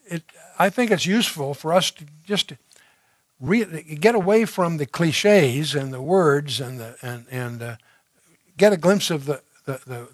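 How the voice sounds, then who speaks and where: Higher-voiced man teaching scripture, dry sound. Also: dry recording. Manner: conversational, with fillers and restarts; reads scripture aloud, then explains it. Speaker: Bible teacher. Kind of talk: verse-by-verse Bible teaching.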